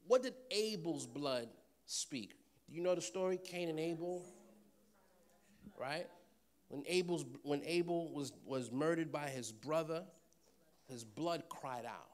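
A man preaching a sermon, joking with the congregation and repeating phrases for emphasis. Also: a little high. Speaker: pastor.

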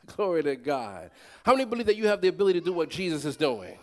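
High-voiced man preaching a sermon. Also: big pitch swings, fast. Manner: call-and-response preaching, swinging between loud and soft.

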